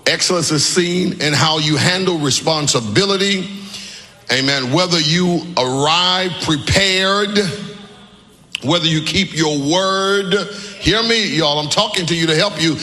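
A man preaching a sermon as pastor, calling on the congregation to answer back and shouting his key lines. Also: a little high, measured pace, long reverb tail. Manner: call-and-response preaching, often shouting emphatic lines. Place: church sanctuary with congregation.

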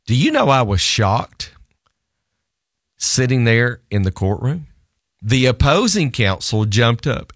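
A middle-aged man, a divorce lawyer, telling an animated anecdote in conversation, often laughing and repeating words. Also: mid-range voice, slow pace, pauses often, no room sound, clean studio sound. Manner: lively storyteller, laughs often, repeats himself.

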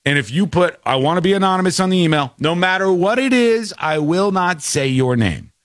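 A man hosting a talk show, chatting casually in a rambling, animated way and laughing often. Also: high-pitched, moderate pace, dry recording, studio quality. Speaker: radio show host.

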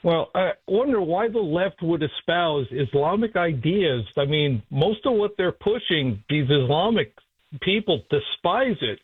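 A man with a fairly high voice calling in to a talk radio show over a tinny phone line. His speech is dry and close, measured and musing, and he hedges as he lays out his ideas. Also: animated, breathy edge, no echo. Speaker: radio guest.

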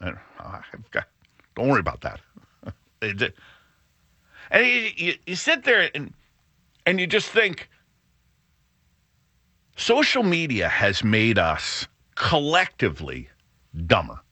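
A man's voice: mid-range voice, wildly swooping pitch, slow, pauses often, pushed and bright, no room sound. A middle-aged man hosting a show, talking in a rambling, wry monologue that keeps breaking off and restarting. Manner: rambling, self-interrupting, wry. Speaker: show host. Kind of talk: casual monologue.

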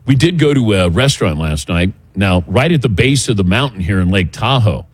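A middle-aged man hosting a sports radio show outdoors, talking in a relaxed, chatty way and running through the show's rundown. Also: on the low side, fairly quick, husky, no room sound. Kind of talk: casual morning show talk. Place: outdoors by a golf driving range.

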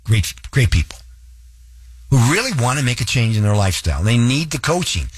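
Husky male radio host. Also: mid-range voice, very animated, dry recording. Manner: direct, coaching, repeats numbers slowly. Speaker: radio show host, fitness coach. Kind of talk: radio talk with ad read.

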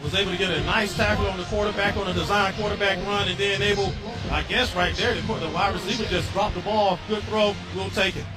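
A man with a high voice breaking down football plays in quick, casual, coach-like commentary. He sounds a little distant from the mic, with music playing clearly behind him. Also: fairly even intonation. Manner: casual, coach-like, speaks as part of the team. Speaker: color commentator. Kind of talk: football game analysis.

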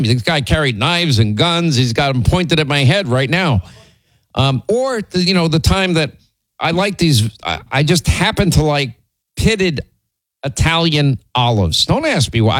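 A man's voice: mid-range voice, no echo, rough recording. A man hosting a talk show, telling rambling stories and teasing his co-host, with many restarts and fillers. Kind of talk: casual on-air storytelling.

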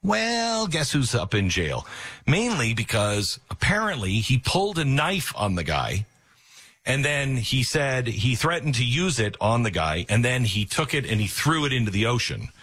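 A man's voice: mid-range voice, fairly bright tone, slightly rough. A man giving opinionated political news commentary, retelling stories sarcastically and acting out the quotes.

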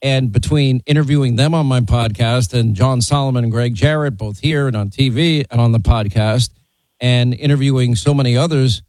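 A man's voice: mid-range voice, moderate pace, a little mellow, dry recording. A man hosting an interview, speaking in an assertive, pointed way. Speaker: host. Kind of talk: broadcast interview.

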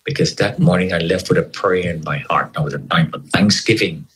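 Man, very deep voice, earnest testimony, storytelling, quotes scripture. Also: fairly quick, a bit bright, low-quality recording. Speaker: interview guest. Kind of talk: personal testimony in conversation.

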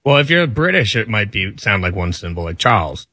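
A man's voice: fairly low pitch, sing-song, brisk, bright, forceful tone, dry recording, studio quality. A man on a sports radio crew, offering a casual explanation. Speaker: radio co-host. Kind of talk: sports talk radio banter.

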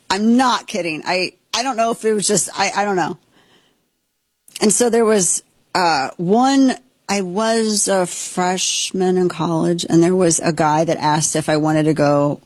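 A woman in her forties from Missouri hosting a casual talk show, telling stories in an animated, chatty way. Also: on the low side, breathy edge, no room sound. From Missouri, USA. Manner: animated storytelling with frequent laughs. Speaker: host. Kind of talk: casual chat.

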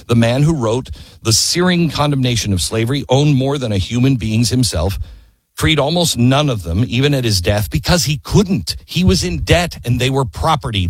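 Male history storyteller, husky, lively delivery, passionate and emphatic, dry close sound. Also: medium pitch, no room sound. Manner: impassioned, emphatic, rhetorical questions. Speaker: history commentator.

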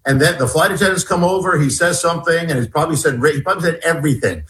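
Man, author guest, fairly high voice, earnest, halting, repeats words, storytelling. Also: fairly bright tone, low-quality recording. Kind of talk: recounting a personal story in an interview.

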